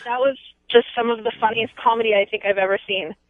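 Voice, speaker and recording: Female caller, higher voice, eager fan, tinny phone line. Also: fairly even intonation, fast, dry recording. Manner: gushing, enthusiastic fan. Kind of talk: call-in to a radio show.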